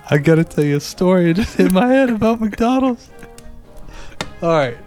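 A man's voice: sits high, unhurried, faint music behind. A young man in casual chat, telling a story with lots of swearing and acting out the voices of the people in it. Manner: animated, swearing, acts out quoted voices.

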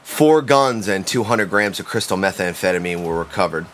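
Low bright-voiced man wisecracking. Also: moderate pace, slight background noise. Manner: wisecracking, swears, reads news aloud flatly. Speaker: podcast co-host. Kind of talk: casual banter.

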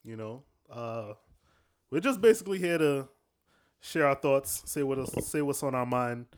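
A man hosts a loose podcast chat, often pausing on a filler before pressing on. His pitch sits right in the middle of the male range. He laughs easily between thoughts. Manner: laughs often, leads the talk with filler words. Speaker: podcast host. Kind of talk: casual banter.

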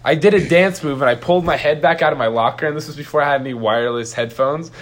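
A teenage boy in casual chat, telling an animated story and laughing through his words. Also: on the high side, fast.

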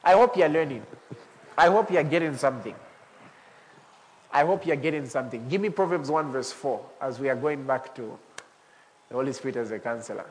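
Animated preacher man in a reverberant hall. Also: mid-range voice, a little fast, pauses often, a little hiss or hum. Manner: animated preaching, rising to shouts, with laughter. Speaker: pastor. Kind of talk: sermon.

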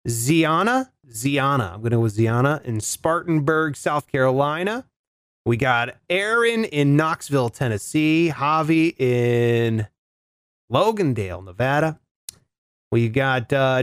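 Laid-back male podcast host, cussing and saying dude, animated delivery. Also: mid-range voice, normal speed, no echo. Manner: laid-back, swears freely, says dude and bro. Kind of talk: casual solo podcast chat.

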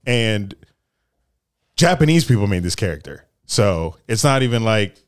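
A man's voice: fairly low pitch, sing-song, a little slow, clean tone, dry recording, studio quality. A man co-hosting a casual chat podcast, talking animatedly and laughing through his impressions. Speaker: podcast co-host.

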